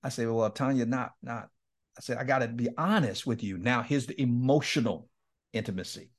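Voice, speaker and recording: A middle-aged man speaking as an interview guest, voice at an average pitch for a man. He tells stories with a lot of energy, laughs often, and acts out both sides of remembered conversations. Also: a little fast. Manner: animated, laughs often, acts out quoted dialogue. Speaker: guest speaker and men's ministry leader. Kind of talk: candid storytelling in a podcast interview.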